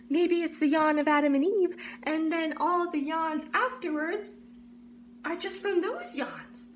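A woman's voice: high-pitched, a little hiss or hum. A woman vlogging a playful, rambling monologue in a mock-profound way. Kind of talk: comedic monologue to camera.

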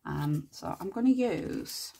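A woman with a lowish, husky voice and a gravelly edge talks through her craft project at an unhurried pace. She chats casually and thinks aloud, dropping muttered asides to herself as she works. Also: lively intonation, warm tone. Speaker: craft channel host. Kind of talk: casual crafting tutorial chat.

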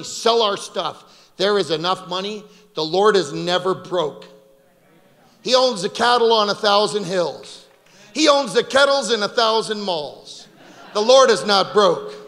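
A man from Canada preaching a fiery sermon as a guest speaker, loud, emphatic and joking. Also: sits high, in a large hall. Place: large conference hall.

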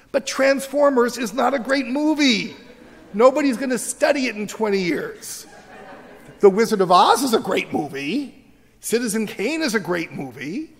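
A man's voice: high-pitched, husky. A man in his sixties, a teacher, giving a joking, emphatic lecture on a stage microphone in a large auditorium. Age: 60s. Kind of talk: humorous, animated public lecture. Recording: reverberant auditorium lecture recording.

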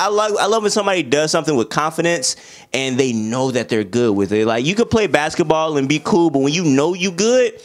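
A young man talks through an album in a loose, casual review, his voice sitting a little higher than most men's. He piles on slang, gets worked up and fired up, and breaks into snatches of the lyrics as he goes. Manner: animated slang-heavy talk, sings along with lyrics. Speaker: music reviewer.

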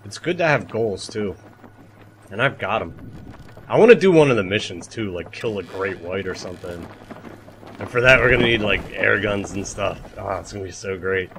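A young man livestreaming a survival game, chatting to his viewers with animated, self-mocking commentary, swearing and laughing as he goes. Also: lowish voice, moderate pace, slight background noise. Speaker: streamer. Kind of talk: live-streamed gameplay commentary.

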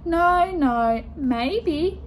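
A woman's voice: high-pitched, expressive, extremely slow, slight background noise, full character voice. A woman voicing a small grey female bird, eager and a little vain.

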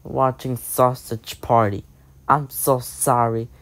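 A woman voicing a young girl in a fan-made cartoon who apologizes to her family in halting, repetitive phrases full of fillers. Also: rumbling low, fairly even intonation. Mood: sheepish.

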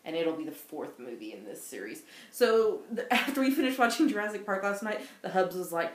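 Woman, podcast co-host, casual chat, giggly, mid pitch, roomy echo. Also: sing-song, fairly quick. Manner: chatty, giggly storyteller.

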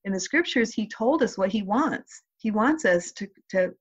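A woman's voice: medium pitch, expressive, slightly rough. Heartfelt mother telling a story. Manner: heartfelt, hesitant, with pauses and restarts. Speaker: interview guest, mother. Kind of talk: personal storytelling. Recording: slightly muffled podcast clip.

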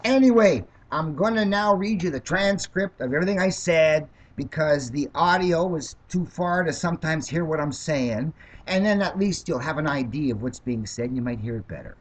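Brief: older man, fairly high voice, animated and combative, reads aloud, rambling. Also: moderate pace. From Canada. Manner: combative, ranting, lively delivery. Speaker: political candidate. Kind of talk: reading his own transcript aloud, rambling commentary.

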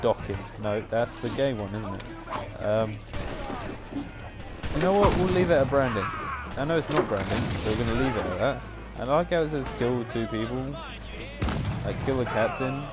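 A man's voice: mid-range voice, lively intonation, normal speed, pauses often. A young man sarcastically commenting on a game, swearing a lot. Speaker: gaming channel host. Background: game music.

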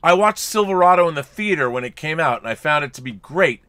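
Animated and fast, a man with a fairly high, fairly bright voice co-hosts a casual film chat with no echo. Surrounded by collectibles in his home studio, he jokes around and reads super chats aloud.

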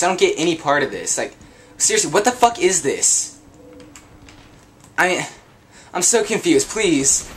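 A man's voice: on the high side, a bit bright, slight background noise. A young man giving casual let's play commentary, confused, swearing a lot, laughing and yelping whenever he gets hit. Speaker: gameplay commentator.

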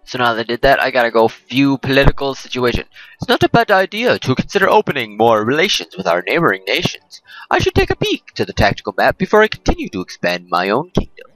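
A man talks through a game in a rambling, jokey way and keeps correcting himself. His voice is bright and animated. He sounds dry and close to the mic, with faint music underneath. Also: medium pitch, quick pace, no echo, poor audio. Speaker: let's play host. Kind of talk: casual gameplay commentary.

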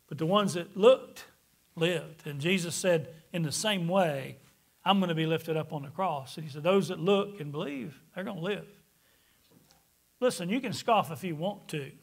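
A man's voice: on the high side, moderate pace, vocal fry, husky. A male pastor preaching a sermon, reading scripture aloud, putting questions to the congregation and chuckling now and then. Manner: animated, reads scripture aloud.

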